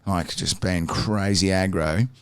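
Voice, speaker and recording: An Australian man hosting a podcast, telling a story casually in a blunt, profane, animated way. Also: sits low, slow pace, clear, resonant tone, no room sound, studio quality. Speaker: podcast host.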